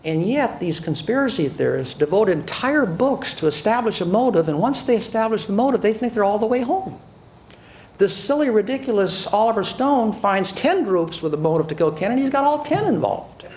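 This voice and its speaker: An older American man, once a prosecutor, gives a sarcastic, emphatic speech to an audience, frequently repeating and restarting words. His voice sits high and is very animated, brisk, and a little mellow, with slight background noise.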